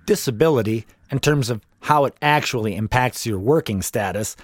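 A man's voice: mid-range voice, moderate pace, dry recording. Man, memoir narrator, wry matter-of-fact delivery, dry booth sound. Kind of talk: first-person memoir narration.

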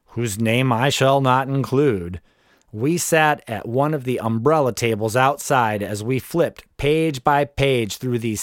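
A man in his forties, medium-pitched, reads his own memoir aloud in the first person, tossing in wry, sardonic asides. The recording is studio quality with no echo.

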